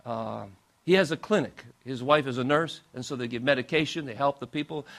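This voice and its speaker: A male pastor telling a story in a sermon, animated and acting out the people in it. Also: mid-range voice, brisk. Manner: animated storyteller, acts out quoted voices.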